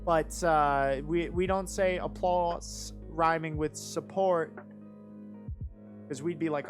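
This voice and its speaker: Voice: medium pitch, measured pace, soft background music. A judge talking through written rap verses live, enthusiastic and rambling, with lots of fillers and restarts. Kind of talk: live commentary and critique.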